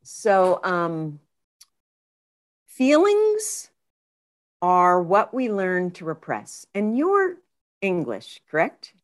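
Lively low-voiced woman therapist. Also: extremely slow, pauses often. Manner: expressive storyteller who acts out her own inner voice. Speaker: guest, therapist and author. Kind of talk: casual podcast interview.

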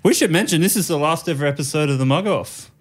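A man hosting a casual comedy podcast, excitable and teasing. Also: on the high side, fast talker.

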